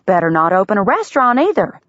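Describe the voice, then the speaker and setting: A woman's voice: medium pitch, lively intonation, no echo, voice pushed up, close to an everyday voice. A woman voicing a spirited, indignant young woman. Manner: indignant and quick-witted. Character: spirited young woman, protective of her friend. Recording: dull, dry lo-fi sound.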